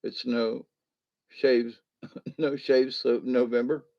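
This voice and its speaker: A man hosting a casual late-night livestream, rambling and chuckling while a little high. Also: level tone, slow, creaky, muffled recording. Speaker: livestream host.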